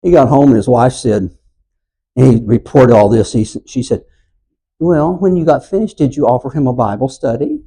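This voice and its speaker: Older guy in his 60s doing a bible lesson, warm husky voice, gets loud acting out quotes. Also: medium pitch, moderate pace, poor audio. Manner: storytelling, rises loud and animated when acting out quotes. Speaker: Bible class teacher. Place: church classroom.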